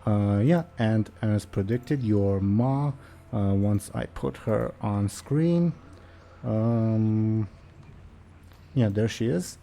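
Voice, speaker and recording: Male game master, slow and hesitant, low dark voice. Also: creaky. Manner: hesitant, many fillers. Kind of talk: narrating a tabletop game.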